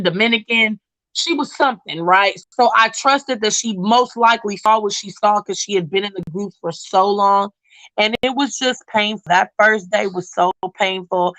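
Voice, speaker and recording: A woman's voice: fairly high pitch, no room sound, rough recording. A woman telling a story in a casual video-call chat, acting out the voices of the people in it and saying "like" often. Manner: animated, acts out quoted voices, frequent "like". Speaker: panel guest.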